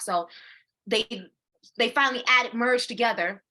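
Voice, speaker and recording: A bright, lively woman in her forties chats casually as co-host, her tone crisp and forward. She repeats words as she gathers her thoughts. She laughs often and acts out her own inner voice mid-sentence. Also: mid-range voice, normal speed. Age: 40s. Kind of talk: casual chat.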